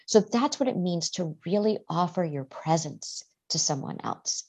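A woman therapist explaining ideas calmly in a podcast interview, sometimes acting out what people say. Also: lowish voice, unhurried. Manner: calm, explanatory, acts out quoted speech. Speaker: therapist, guest.

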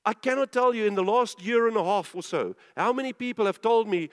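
A man's voice: high voice, brisk, big-room sound. A man preaching a sermon, emphatic, asking the listeners questions and repeating phrases.

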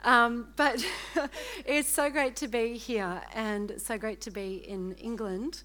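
A woman's voice: a little high, fairly even intonation, takes it slowly, fairly bright tone. A middle-aged woman with an Australian accent, giving a chatty, self-mocking sermon testimony and laughing often. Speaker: preacher.

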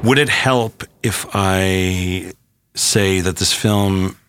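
A man co-hosting a comedy podcast, chatting casually and asking dry, deadpan questions. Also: deep voice, drawn-out words, over music.

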